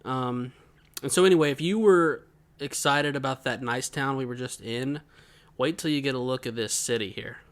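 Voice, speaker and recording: Man in his twenties, podcast co-host, casual rambling jokes, mid-pitched voice. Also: normal speed. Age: 20s. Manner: joking, rambling storyteller. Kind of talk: casual chat.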